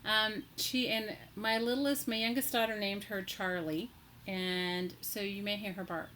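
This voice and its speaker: A woman's voice: medium pitch, fairly even intonation, a little slow, bright, forceful tone, slight background noise, rough recording. A woman hosting a casual live crafting stream, chatty and greeting viewers by name, gushing with delight. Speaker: craft livestream host.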